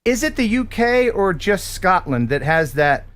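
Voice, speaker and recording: An American man hosting a live stream, telling puns and reading sponsor plugs in a jokey, animated way. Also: sits high, a little slow. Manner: animated, punning, jokey delivery. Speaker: host. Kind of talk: live stream chat with jokes and sponsor reads.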